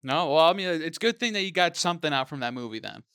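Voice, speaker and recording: A man's voice: a little high, animated, fast, fairly bright tone, clear, resonant tone, no echo, studio quality. A man co-hosting a podcast in casual chat, answering with short joking replies. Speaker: podcast co-host.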